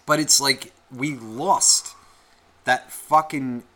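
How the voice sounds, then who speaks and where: Bright-voiced man ranting profanely on a podcast. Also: mid-range voice, steady tone, takes it slowly. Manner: profane, heated and rambling. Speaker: podcast co-host. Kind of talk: casual podcast rant.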